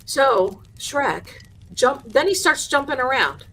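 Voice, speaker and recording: A woman hosting a live show, telling a haunted house story with lively energy and acting out the people in it. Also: high voice, slow pace. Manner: animated, acts out the people in her story. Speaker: host.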